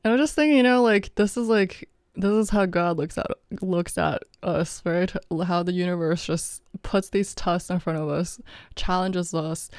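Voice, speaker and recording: A woman's voice: lowish voice, normal speed, a little mellow, clean tone, no room sound, studio quality. Laughing, rambling woman vlogger. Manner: laughs often, rambling with many fillers. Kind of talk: casual reflective vlog monologue.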